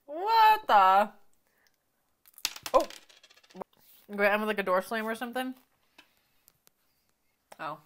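Female reaction host, casual and talkative, expressive pitch, slips into quiet murmured asides. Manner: chatty, thinks aloud, drops to quiet murmurs. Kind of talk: casual movie reaction commentary.

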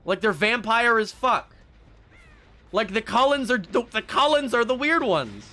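Animated, ranting young man streamer. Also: extremely high pitch, unhurried. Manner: animated, ranting, swears casually, laughs at himself. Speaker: game streamer. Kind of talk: casual live-stream chat while gaming.

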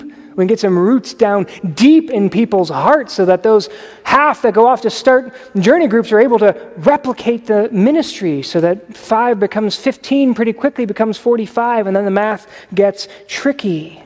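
A man delivers a sermon in a loose, conversational style and breaks into lively asides. His voice sits high for a man. It rings through a church hall with a long reverb tail. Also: normal speed. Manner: conversational preaching with animated asides. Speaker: pastor. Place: church sanctuary.

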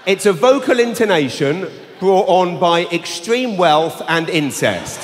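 A man performing live stand-up comedy, telling a story with animated bursts of shouting. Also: sits high, a little slow, very noisy. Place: large arena stage. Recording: live arena with long reverb.

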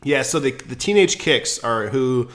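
A man hosting a casual podcast, retelling a story in an animated, profane way full of fillers. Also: mid-range voice, unhurried. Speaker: podcast host.

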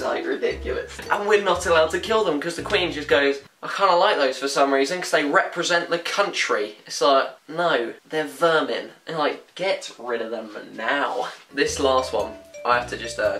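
A woman's voice: deep voice, fairly bright tone. A young British woman ranting comically, exasperated and laughing often. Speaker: vlogger. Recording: roomy echo, distant mic, faint music.

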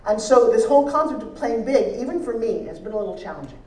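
A fast-talking woman teaches pitching as a motivational speaker, addressing a live seminar audience from the stage of a big event hall. She's energetic and full of jokes, and the recording picks up roomy hall sound from afar.

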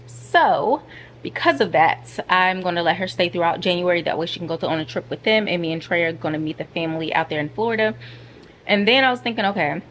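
A woman's voice: fairly low pitch, quick pace, a little hiss or hum. A woman in her thirties chatting casually to her viewers in a vlog from her couch at home. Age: 30s. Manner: chatty and animated, addressing viewers directly. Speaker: vlogger.

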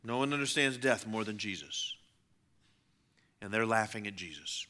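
A man preaching a sermon, animated, acting out the voices of people in the story and swinging between loud outbursts and hushed lines. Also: fairly low pitch, normal speed, pauses often. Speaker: pastor.

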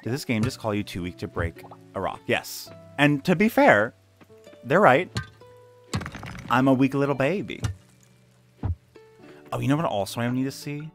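A man's voice: medium pitch, animated, normal speed, long pauses, faint music behind. A young man live-streaming a game, chatting playfully and joking about himself. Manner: playful, self-mocking, chatty.

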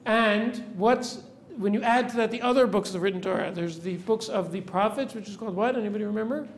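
A rabbi in a classroom, a man with a high, gravelly voice, lecturing students. He explains patiently, tosses questions to the class and keeps checking they follow with a quick "right?". Faint hiss sits under the recording. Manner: explanatory, tags "right?" onto nearly every point. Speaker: rabbi teaching a seminary class.

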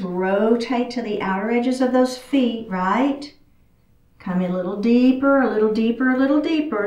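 A woman teaching a chair yoga class, chatty and encouraging, a little out of breath as she moves through the poses. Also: fairly high pitch. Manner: encouraging, chatty, talks while moving. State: slightly out of breath. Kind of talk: guided exercise class instruction. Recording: echoey room, far from the mic.

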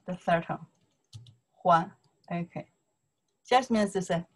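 Woman, native Mandarin speaker with a Chinese accent, as a casual online tutor; unhurried, patient and repetitive, with a slightly husky tone. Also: fairly low pitch, fairly even intonation. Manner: slow, repetitive, checks in with "okay?" constantly. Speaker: Chinese language teacher.

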